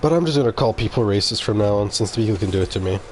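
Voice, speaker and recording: A man's voice: on the low side, expressive, rapid-fire, a little mellow, slight background noise. A man streaming live, rambling bluntly and talking straight to his chat. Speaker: game streamer.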